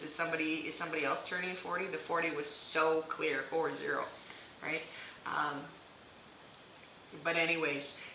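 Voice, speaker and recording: A woman gives a live-streamed psychic reading in a very bright, sharp-edged voice, gentle and reassuring as she checks in with "okay?". She sits back from the mic in an echoey room with faint hiss behind her. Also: sits low, recorded from a distance. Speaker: psychic medium.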